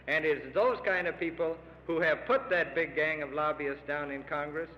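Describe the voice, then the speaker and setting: A man's voice: fairly high pitch, slight background noise. A middle-aged man giving an earnest, emphatic public speech to farmers, pleading with his audience. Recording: lo-fi archival radio recording with long hall reverb.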